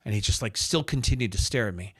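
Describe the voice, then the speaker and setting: Animated man telling a radio story. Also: on the low side, fast talker, husky. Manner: lively storyteller, acts out other people's lines in quotes. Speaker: radio host and sports announcer, podcast guest.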